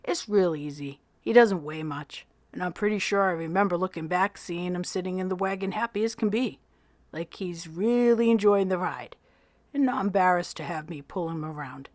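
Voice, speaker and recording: A woman teacher reading a novel aloud in an expressive storytelling voice, narrating in the first person. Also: lowish voice, normal speed, no room sound.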